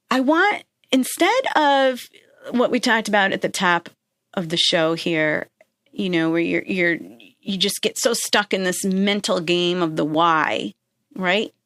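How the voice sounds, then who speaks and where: This podcast host speaks at a medium pitch with a slightly bright tone, and there's no echo. She offers casual, heartfelt self-help encouragement, often pausing to ask "right?" or "okay?".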